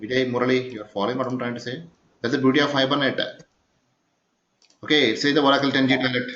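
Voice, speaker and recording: In this echoey, dull recording of a class session, a man teaches live coding and keeps asking his students "yes or no?" to check they're following. He talks fast in a mid-range, fairly bright voice that barely moves in pitch, and a little hiss or hum sits underneath.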